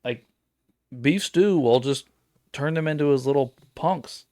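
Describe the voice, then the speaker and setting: A man's voice: fairly high pitch, a little slow, a little mellow, dry recording, clean studio sound. A man co-hosting a casual sports chat, rambling with many fillers and restarts. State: sleepy, yawning. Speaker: podcast co-host.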